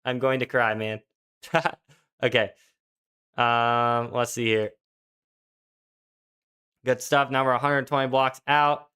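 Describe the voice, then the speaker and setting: A young man talks through his gameplay on a live stream, loose and slangy, reading out viewers' questions as he goes. His voice is bright and clean, sitting at an ordinary male pitch. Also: level tone, slow, pauses often, clear, resonant tone. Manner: laid-back, slangy, chatty, reads chat aloud. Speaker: gaming streamer. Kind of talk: casual live-stream commentary.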